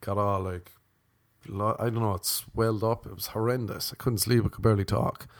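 An Irish man with a cold, hosting a podcast and telling a rambling comic story with sarcastic, deadpan asides. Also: fairly low pitch, brisk, no echo. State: sniffly with a cold.

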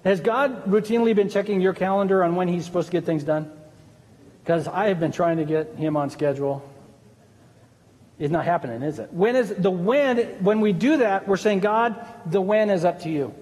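A man's voice: high voice, moderate pace, a little mellow, in a large hall. A man, a pastor, preaching an earnest, conversational sermon with asides to the congregation.

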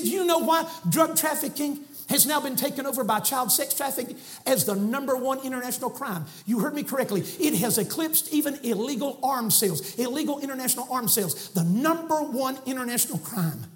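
A Southern preacher, a man, delivers a fiery sermon from the pulpit. His voice sits unusually high, and he swings from shouts down to near-hushed lines. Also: lively intonation, a little fast. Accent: Southern American. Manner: fiery, shouting preacher with sudden soft drops. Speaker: guest preacher. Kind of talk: impassioned sermon. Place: church sanctuary.

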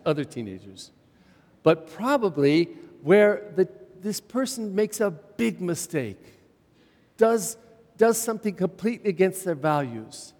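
Male pastor preaching with high voice. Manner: emphatic repetition, rhetorical questions to the congregation. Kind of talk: sermon. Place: church. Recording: church sermon with long reverb.

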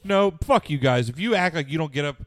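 A young man co-hosting a podcast, trading crude jokes and laughing loudly with friends. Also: fairly high pitch, expressive, fairly quick, no room sound, clean studio sound. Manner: joking, loud bursts of laughter. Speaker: podcast co-host. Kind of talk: crude casual banter. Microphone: headphones on, studio mic.

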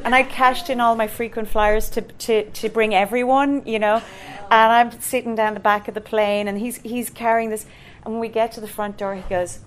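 An Irish woman, middle-aged, telling an animated story as a guest in a live interview, full of fillers and acted-out voices. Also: medium pitch, moderate pace, some chatter behind, slight background noise. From Ireland. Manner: animated, acts out quoted voices, many fillers. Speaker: conductor and composer, guest.

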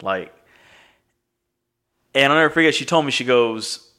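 A man's voice: mid-range voice, animated, unhurried, bright, forceful tone, smooth. A man in his thirties telling a rambling, profane story in casual chat, acting out what people said. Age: 30s. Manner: profane, rambling, acts out quoted dialogue.

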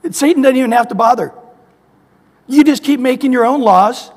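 A man's voice: extremely high pitch, a little fast, a little mellow. A man pastor giving an emphatic sermon, repeating phrases and quoting scripture, in an echoey hall. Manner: emphatic, repetitive preaching with scripture quotes. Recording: echoey hall with long reverb.

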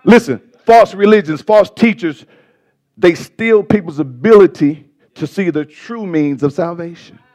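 A male pastor preaching a sermon with passion, stumbling over words and swinging between loud bursts and soft asides. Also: high-pitched, a little slow.

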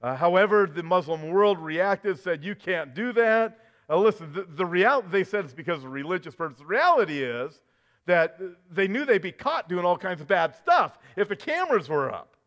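A man's voice: sits high, very animated, normal speed, fairly bright tone. A man preaching a sermon, talking conversationally and telling a dramatic story with rhetorical questions. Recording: dull lo-fi recording.

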